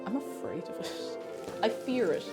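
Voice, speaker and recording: A woman's voice: on the high side, big pitch swings, measured pace, music in the background. A woman with an Irish accent, chatty and self-mocking, thinking aloud as she cooks on a stream in her home kitchen. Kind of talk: casual cooking stream chat.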